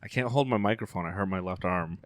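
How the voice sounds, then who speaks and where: A man's voice: sits low, fast talker, no echo, clean studio sound. A tired man co-hosting a casual comedy podcast, laid-back and mumbly, giggling often. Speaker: podcast co-host.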